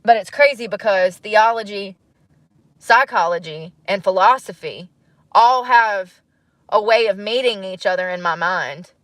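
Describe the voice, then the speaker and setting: A woman in her thirties, talking to her channel in a casual, reflective monologue, musing and animated, with frequent laughs. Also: medium pitch, unhurried, no room sound. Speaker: vlogger.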